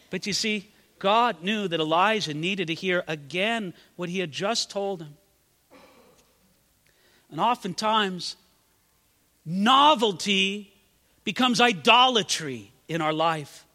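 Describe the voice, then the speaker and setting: A man's voice: sits high, lively intonation, unhurried, bright, forceful tone, in a large hall. A man preaching a sermon, dramatically acting out quoted prayers in a raised voice. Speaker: pastor.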